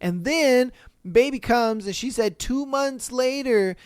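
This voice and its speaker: A woman hosting a podcast, reading a listener's story aloud and reacting in an animated, slangy way with plenty of swearing. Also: on the high side, slow pace, no echo, clean studio sound. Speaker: podcast host.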